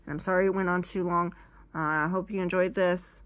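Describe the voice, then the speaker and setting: A woman telling a comic story in an animated, excitable way that grows loud. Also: on the low side, brisk, no echo. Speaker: comedian. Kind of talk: stand-up comedy storytelling.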